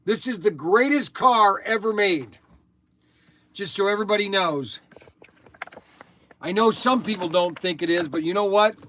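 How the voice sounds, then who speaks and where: An older man hosting a live toy shop show, pitching products with pushy salesman hype and repeating himself as he talks. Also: measured pace, pauses often, fairly bright tone.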